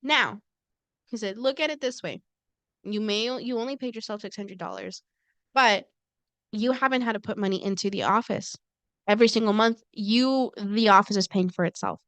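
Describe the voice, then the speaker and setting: A woman's voice: medium pitch, moderate pace, fairly bright tone, dry recording. A woman co-hosting a podcast, telling a personal story in casual chat and acting out quoted lines. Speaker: co-host.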